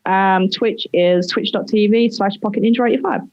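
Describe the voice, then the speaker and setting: A woman with an American accent joins a podcast as a guest. She is playful and quick to laugh, talking over a video call. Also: mid-range voice, fairly even intonation, darkish tone, muffled recording. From United States. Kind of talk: casual podcast chat.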